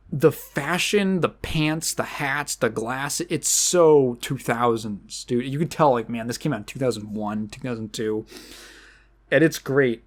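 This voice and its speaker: A young adult podcast host recapping a film in casual chat, rambling with restarts and fillers. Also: medium pitch.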